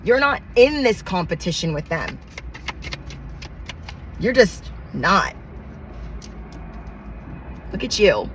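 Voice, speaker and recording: A woman's voice: mid-range voice, fairly bright tone, a little hiss or hum, poor audio. A woman giving a channeled tarot reading, talking in emphatic, repetitive affirmations with casual slang. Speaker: tarot reader.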